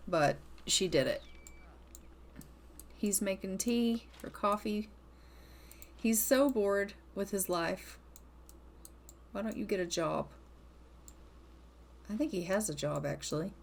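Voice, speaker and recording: A young woman casually commenting on her gameplay in a chatty way, speaking her characters' thoughts in quick asides. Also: on the low side. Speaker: gaming video host.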